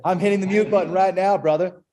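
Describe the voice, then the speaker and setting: A man's voice: high-pitched, steady tone, fast, warm tone. A man hosting a live online show, upbeat and joking as he speaks directly to his viewers. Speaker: show host.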